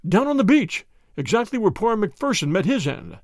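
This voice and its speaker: A man's voice: high-pitched, sing-song, normal speed, no room sound, clean studio sound. A man doing a panicked, pleading schoolmaster. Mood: distraught. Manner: urgent, breathless pleading. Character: distraught middle-aged male schoolmaster, panicked.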